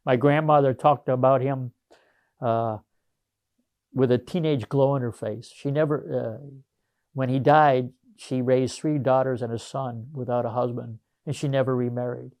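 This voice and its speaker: A retired Marine in his sixties, telling his war stories in a loose, rambling way and stopping often to search for names. His voice is mid-pitched and sits dry and close to the mic. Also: steady tone, a little slow, darkish tone, no room sound. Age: 60s. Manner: rambling, anecdotal, many fillers and restarts. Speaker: retired Marine gunnery sergeant, interviewee. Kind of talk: casual storytelling interview.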